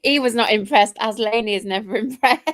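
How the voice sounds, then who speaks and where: A woman's voice: a little high, fairly quick, dry recording, studio quality. A woman chatting as a guest on a livestream, telling stories and laughing at herself. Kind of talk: casual chat on a livestream.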